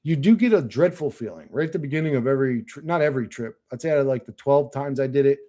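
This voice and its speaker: A man's voice: medium pitch, animated, fast, warm tone. A young man streaming live, chatting casually and bluntly, cursing often and laughing at chat.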